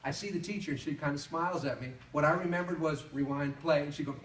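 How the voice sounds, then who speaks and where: A man's voice: fairly high pitch, fast talker. A man giving a humorous motivational talk to an audience, telling stories and acting out voices. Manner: animated storytelling, acts out voices. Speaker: public speaker. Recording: echoey hall from far off, noisy.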